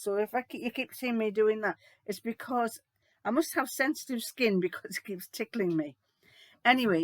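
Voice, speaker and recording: A woman's voice: mid-range voice, dry recording. An older woman, rambling and chatty as she answers viewers' questions in a sewing vlog, with lots of fillers and restarts. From United Kingdom. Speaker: sewing vlogger. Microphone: laptop mic.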